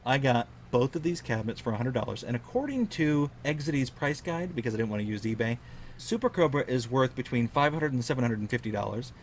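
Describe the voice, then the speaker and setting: A tired man losing his voice, casually telling a collecting story to camera in an unhurried, chatty way. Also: mid-range voice, slight background noise. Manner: chatty, unhurried, repeats figures for emphasis. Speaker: collector vlogger.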